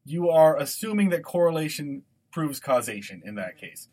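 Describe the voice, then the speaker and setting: A man co-hosting a podcast, talking through a film scene in an animated, digressive way. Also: a little high, normal speed. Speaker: podcast co-host. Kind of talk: conversational podcast discussion.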